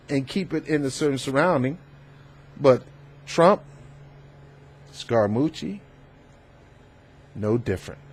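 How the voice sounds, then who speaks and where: A man hosts his own political commentary vlog. His voice sits a little high, and he talks in an emphatic, animated, preachy manner, as if lecturing his listeners. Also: husky. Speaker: host.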